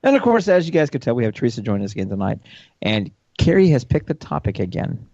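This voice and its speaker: A man's voice: medium pitch, sing-song, fast, a little mellow, no room sound. A man from Ohio co-hosting a radio show, joking and laughing through casual chat. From Ohio, USA. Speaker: co-host. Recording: slightly muffled dry sound.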